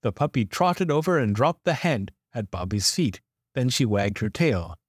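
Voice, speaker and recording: A man reading a children's picture book aloud with expressive, playful emphasis. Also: medium pitch, moderate pace, breathy edge, no room sound, studio quality. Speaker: storyteller.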